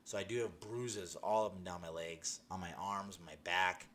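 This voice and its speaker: This testimony comes from a man with a deep voice who speaks at a normal speed over slight background noise. He tells his personal story in an excited, casual, emphatic way, laughing and restarting often.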